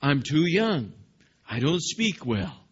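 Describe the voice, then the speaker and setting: A man voicing an anxious young prophet who protests and pleads that he is unsure of himself, in a high, loud voice. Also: sing-song, takes it slowly, husky, lo-fi sound, heavily acted. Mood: insecure.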